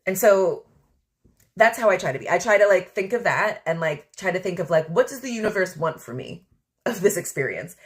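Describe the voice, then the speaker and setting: A woman with a lowish voice talks solo on her podcast in a loose, reflective way. She rambles candidly and leans heavily on filler words as she thinks aloud. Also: animated, fairly quick. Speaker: podcast host. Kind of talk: casual reflective monologue.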